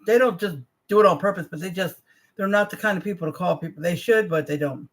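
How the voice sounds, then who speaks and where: A woman's voice: on the low side, fast talker. A woman in her forties chatting casually on a livestream, rambling in trailing asides and greeting viewers. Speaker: livestream host.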